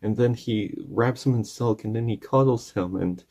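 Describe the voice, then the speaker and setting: A man's voice: medium pitch, normal speed, warm tone, breathy edge. A man in his thirties giving a casual, earnest movie review, retelling the plot in long rambling strings of "and then". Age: 30s. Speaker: channel host reviewing a movie.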